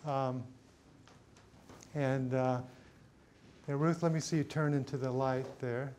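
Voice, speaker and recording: A middle-aged man leads a hands-on lighting workshop at a mid pitch, talking in halting bits full of fillers and restarts. Faint noise sits under the studio recording. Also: fairly even intonation, a little mellow. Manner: halting, many fillers and restarts, thinking aloud while adjusting lights. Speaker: cinematography workshop instructor.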